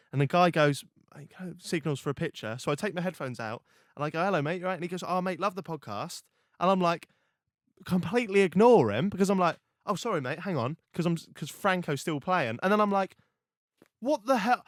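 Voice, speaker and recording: Lively young man on a podcast. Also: on the high side, a little fast, dry recording, studio quality. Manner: animated storyteller, swearing, lots of restarts. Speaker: podcast host. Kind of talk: casual podcast chat.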